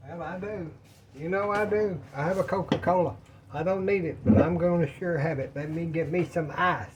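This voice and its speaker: A man in his home kitchen, talking folksy and rambling as he cooks and calls his viewers y'all. His voice sits a little high for a man and he sounds slightly out of breath. A faint hiss runs behind him. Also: moderate pace, highs cut off. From Texas. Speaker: cooking vlogger. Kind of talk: casual home cooking chat.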